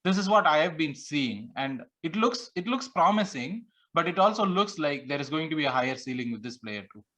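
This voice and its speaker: A man chatting on a podcast in a bright, forceful voice pitched a little high. He talks earnestly and circles back to repeat his points for emphasis. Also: sing-song, a little fast. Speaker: podcast co-host. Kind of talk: casual fan podcast chat.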